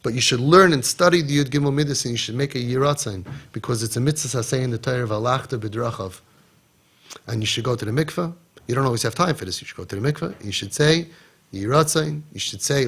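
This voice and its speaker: A man giving a spoken Torah class, telling stories with animated, acted-out dialogue and earnest exhortation. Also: mid-range voice, fast, slightly rough. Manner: animated storytelling, acting out quoted dialogue. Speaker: Torah class teacher and parenting guide.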